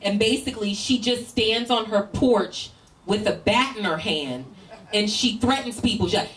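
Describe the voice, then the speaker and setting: A woman's voice: medium pitch, moderate pace, fairly bright tone. A woman from Northern Virginia doing stand-up comedy, teasing audience members in a brash, laughing way. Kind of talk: stand-up crowd work. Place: comedy show in a tent with a live audience. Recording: roomy live sound from a distant mic, crowd noise.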